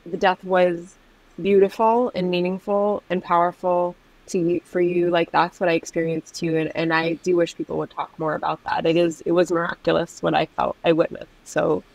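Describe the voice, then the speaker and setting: A woman from New Jersey, a podcast guest, speaking haltingly with many restarts as she searches for words. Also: on the low side, little pitch movement, creaky, a little mellow, poor audio. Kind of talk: casual interview talk.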